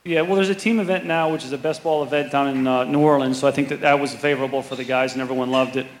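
A man who caddies on the golf tour, telling anecdotes quickly and mocking himself as a guest. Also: medium pitch, reverberant, a little hiss or hum, poor audio. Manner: animated anecdote teller, quick and self-mocking. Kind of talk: storytelling interview guest.

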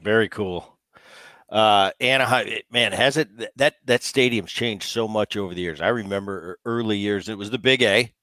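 Low-voiced man hosting, dry close sound. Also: normal speed, sharp tone, no echo. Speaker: host, former baseball player. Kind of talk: casual interview.

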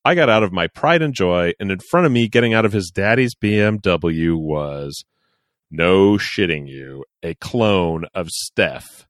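A man's voice: deep voice, a little slow, dry recording, clean studio sound. A man co-hosting a podcast, reading a listener's letter aloud with jokey asides. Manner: animated, jokey, reads aloud with playful asides. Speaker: podcast co-host.

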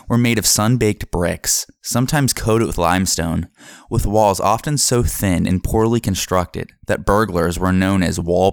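A man narrating a history podcast from a script, in a measured reading manner. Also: low-pitched, gravelly, clear, resonant tone, dry recording, clean studio sound.

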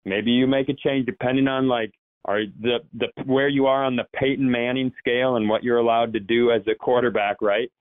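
A man's voice: mid-range voice, steady tone, brisk, few pauses, no room sound. Man rambling about football on a tinny line. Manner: rambling, self-correcting, jumps into quoted voices. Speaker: sports show guest. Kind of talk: casual sports chat.

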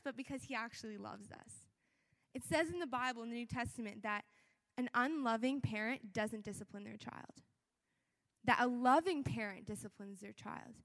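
A young woman with a high voice preaches to her church in a casual, earnest way, full of "like" and restarts. Her words ring out with a long echo, as if from a big church hall. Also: normal speed, fairly bright tone. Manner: conversational, earnest, with many fillers. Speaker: church speaker. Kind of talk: sermon.

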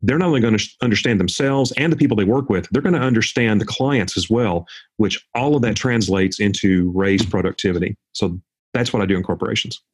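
A man speaking as an interview guest and corporate trainer, a confident and animated storyteller. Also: on the low side, brisk, breathy edge.

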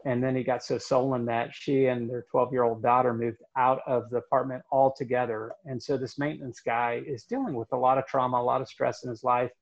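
A man tells a story in an earnest, halting way, pausing on fillers. His voice is gravelly and husky. The audio sounds dull and lo-fi. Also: medium pitch, level tone. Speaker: guest telling a story. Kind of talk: storytelling in conversation.

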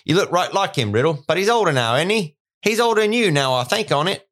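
A man's voice: sits high, lively intonation, quick pace, fairly bright tone, voice pushed up. A man voicing a drunken, hostile grown man who talks in coarse, rustic dialect. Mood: bitter.

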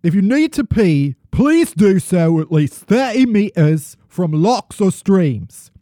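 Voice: medium pitch, big pitch swings, slow pace, no room sound, clean studio sound. A podcast host doing a put-on British accent as a stiff royal official reading a formal notice aloud. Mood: pompous. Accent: put-on British, heard through a Midwestern American accent. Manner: formal, proclamation-like, louder than usual. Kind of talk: comic impression on a podcast.

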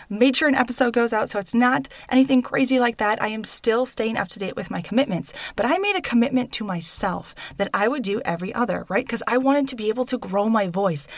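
A woman in her thirties hosting a solo podcast, chatty and upbeat, often tagging her sentences with a quick "right?". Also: on the high side, vocal fry, dry recording. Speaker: podcast host. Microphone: recorded without her usual studio mic.

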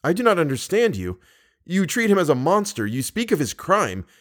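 An anxious young nobleman pushes his words out with urgency, pitched well above an ordinary speaking voice, as a male audiobook reader acts him out. He sounds impatient and pleading, a storybook hero short on patience. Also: animated, normal speed. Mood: bewildered. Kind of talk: audiobook character reading.

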